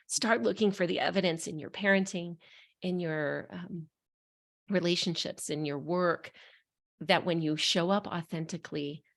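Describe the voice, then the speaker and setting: A woman's voice: fairly low pitch, a little slow, gravelly, a bit bright. A middle-aged woman, a coach appearing as a guest, frankly and earnestly recounting a personal story in conversation, openly emotional.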